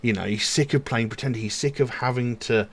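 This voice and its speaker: A man with a mid-range voice, talking a little fast, hosts a music reaction channel. He casually comments on song lyrics in an earnest, rambling way, using plenty of fillers.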